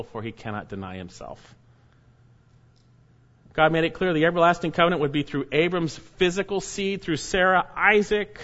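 A man's voice: high-pitched, a bit bright, dull audio. A man, a pastor, preaching a sermon verse by verse, reading scripture aloud and adding emphatic asides to his listeners.

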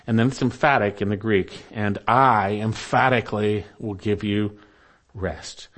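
A man preaching a sermon as pastor, earnest and deliberate, slowing down and dropping softer at the ends of phrases for emphasis. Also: medium pitch.

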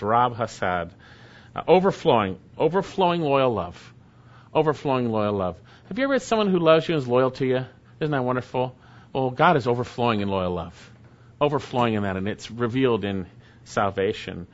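A man's voice: medium pitch, a bit bright, highs cut off. A man preaching a sermon, earnest and emphatic, repeating key phrases for weight. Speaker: pastor.

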